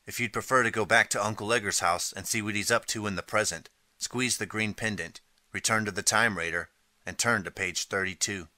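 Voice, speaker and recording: A man narrating an interactive audiobook in steady, scripted second-person storytelling. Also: lowish voice, brisk, no echo. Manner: steady storytelling, reading out page choices.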